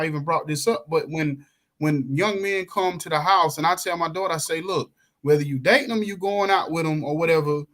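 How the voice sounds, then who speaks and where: A middle-aged man, chatting casually as a podcast guest and acting out the voices of people in his stories. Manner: animated storyteller, acts out quoted voices, swings pitch widely. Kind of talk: casual chat.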